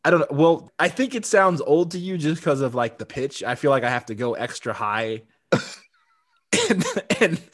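A man's voice: on the high side, animated, normal speed. A man talking through a TV episode on a podcast in an easy, conversational way. He laughs often and trips over himself, repeating words as he goes. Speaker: podcast co-host. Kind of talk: casual TV episode recap.

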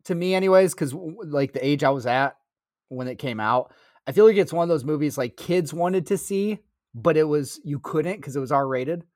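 A man's voice: a little high, normal speed, darkish tone, dry recording. A man co-hosting a podcast in casual chat, who swears freely and teases dryly. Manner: swears freely, dry teasing. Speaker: podcast co-host.

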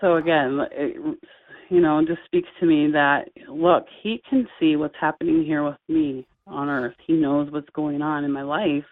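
A woman's voice: low-pitched, fairly even intonation. Middle-aged woman on a tinny phone line. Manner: halting, heartfelt, many fillers and restarts. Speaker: interview guest. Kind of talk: personal storytelling. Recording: tinny phone-line sound with faint music.

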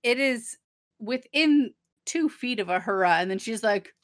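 A young woman co-hosting a podcast, chatting casually with emphatic swearing and quick jokes. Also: on the high side, expressive, no room sound, studio quality. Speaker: podcast co-host. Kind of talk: casual chat.

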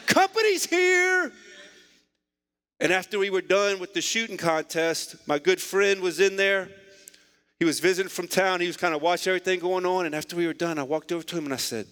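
A bright-voiced male pastor in his forties delivers a sermon, dropping to low, quiet lines and then climbing to near-shouts. His voice sits a little high. It rings out with the long reverb of a church sanctuary. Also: smooth.

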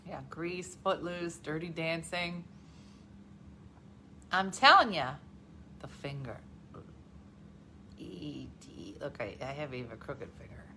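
A woman in her forties chatting casually as co-host, animated and acting out her own reactions. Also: low-pitched, slow pace, pauses often, a little hiss or hum. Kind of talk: casual chat.

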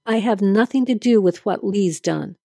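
A woman's voice: mid-range voice, normal speed, creaky, dark tone, no echo, studio quality. A woman voicing a nervous young woman in debt, pleading and shaky.

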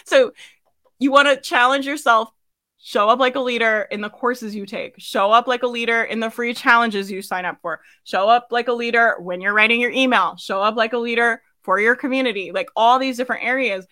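A young woman hosts a live business coaching session, her voice on the high side, bright and forceful, moving a little fast. She keeps it casual and emphatic, often tossing in "right?" and laughing, in the style of motivational coaching talk.

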